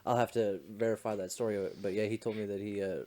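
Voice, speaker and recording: A man chatting on a casual podcast in a relaxed way, with quick quips. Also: on the low side. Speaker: podcast co-host. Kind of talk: casual chat.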